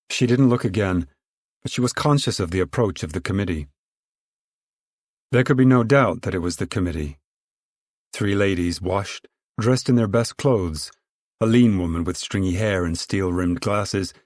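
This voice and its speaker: A man reading a novel aloud with even, plain storytelling narration. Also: low voice, no room sound, clean studio sound. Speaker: audiobook reader. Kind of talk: scripted narration.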